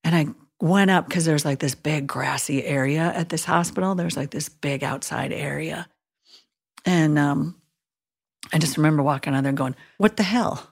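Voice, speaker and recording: A woman's voice: sits low, moderate pace, creaky. A middle-aged woman, a hospital chaplain, telling an emotional story in a casual podcast chat and acting out what she thought and said. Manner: earnest, emotional storytelling with acted-out inner voices.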